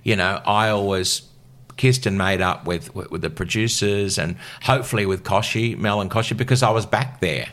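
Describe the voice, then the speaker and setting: Older broadcaster, very deep voice, lively raconteur, interview guest. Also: male voice, moderate pace. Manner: lively storyteller, acts out quoted voices. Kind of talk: casual interview chat.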